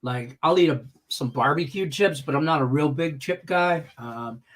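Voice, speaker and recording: A chatty man from Detroit hosts a casual live stream, his voice sitting a little high. He rambles through loose stories and laughs easily as he goes. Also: normal speed, fairly bright tone. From Detroit, Michigan. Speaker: host.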